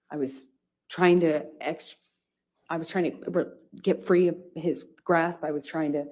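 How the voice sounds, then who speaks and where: A woman giving courtroom testimony in a halting way, with many restarts and pauses. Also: sits low, mellow. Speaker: witness testifying.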